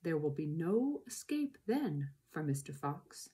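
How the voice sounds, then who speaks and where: A woman voicing a nasty, scheming male farmer who shouts his threats in a storybook reading. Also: deep voice, very animated, measured pace, pitched below the performer's own voice.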